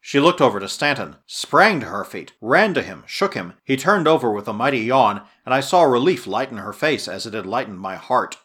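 A man with a husky voice reading a first-person adventure story aloud in expressive audiobook narration. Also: mid-range voice, moderate pace, hardly any pauses.

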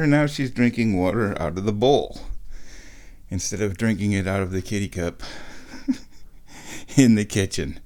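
A man's voice: medium pitch, a little mellow. A man casually narrating a home vlog from his kitchen, rambling and self-amused, often chuckling as he talks. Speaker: vlogger.

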